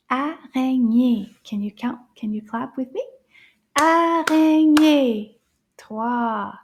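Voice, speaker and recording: A woman with a bright, high voice teaches French words to small children at a very slow pace. She gasps with exaggerated wonder, drops to a whisper for her asides and stretches each word out so the children can repeat it. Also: husky. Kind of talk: slow, playful kids' lesson.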